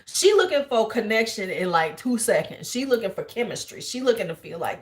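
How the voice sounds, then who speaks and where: A woman in her forties, host of a beauty livestream, telling a story in animated, slangy casual chat and laughing often. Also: medium pitch, fairly quick. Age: 40s.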